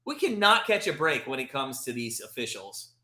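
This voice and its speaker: Hosting a live watch party, this man calls the plays as a frustrated fan, his mid-range voice at normal speed in a roomy-sounding space. His animated commentary shifts between calm descriptions of the action and exasperated outbursts.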